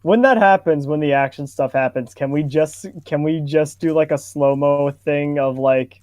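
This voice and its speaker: A man's voice: on the high side, normal speed, a little mellow, no echo. A man co-hosting a stream, chatting casually and agreeing in a dry way. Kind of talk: casual chat.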